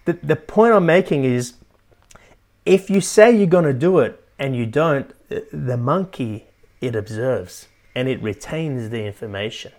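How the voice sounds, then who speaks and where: A man hosts a motivational podcast as a life coach, talking animatedly and tacking "right?" onto his points. His voice is medium-pitched and a little slow.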